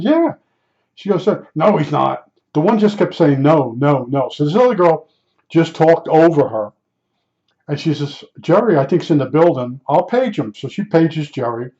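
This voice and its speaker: An older man from New Jersey recounts a personal story in a loose, rambling way, stopping and restarting often. His voice sits a little high for a man. The recording is dull and lo-fi. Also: warm tone. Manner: rambling, conversational, many fillers and restarts. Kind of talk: casual personal anecdote.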